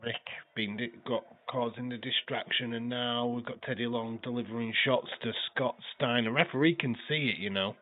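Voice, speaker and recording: A tired, stuffy-nosed man hosting a livestream, giving loose wrestling play-by-play with swearing and sudden excited bursts. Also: mid-range voice, normal speed. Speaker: livestream host. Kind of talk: casual wrestling watch-along commentary. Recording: thin phone-like sound.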